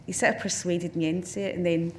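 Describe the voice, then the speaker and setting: A Scottish woman with a Glaswegian accent, a film director appearing as an interview guest, speaks fast in a fairly low, mellowish voice with little pitch movement. On a festival talk stage before an audience, she rambles through career anecdotes, restarting often and peppering them with "you know." There's slight background noise.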